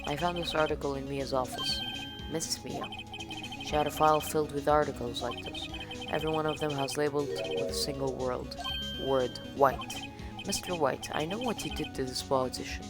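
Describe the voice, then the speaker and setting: An earnest young defense lawyer presses his case with steady determination, voiced by a woman in a low, plain register. Clear game music runs underneath. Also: moderate pace. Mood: determined. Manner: earnest, determined, inner monologue. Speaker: narrator of the game. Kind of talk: voicing a video game let's play. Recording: game music playing behind.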